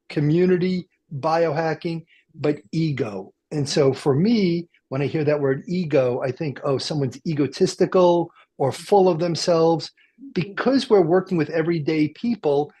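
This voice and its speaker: A man's voice: on the high side, mellow, breathy edge. A man hosting a radio talk show from a car dealership, rambling and joking with plenty of fillers and restarts. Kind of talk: casual chat.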